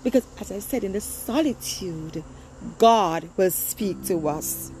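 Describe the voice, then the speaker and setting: A woman preaching a sermon in a slow, fervent way, her pitch leaping up and dropping low. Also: expressive, a little mellow, soft background music, rough recording.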